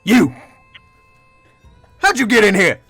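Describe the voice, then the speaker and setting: A man voicing a gruff, grumpy male town guard who is curt and quick to shout. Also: mid-range voice, animated, no echo, faint music behind, heavily acted. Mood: angry.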